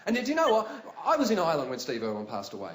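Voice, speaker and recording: A man with an Australian accent performing a stand-up comedy routine, telling stories animatedly and bursting into yells. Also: on the high side, very fast. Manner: animated storytelling, acts out voices, big yelling bursts. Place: live venue with audience laughter. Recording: roomy live venue sound with loud ambience.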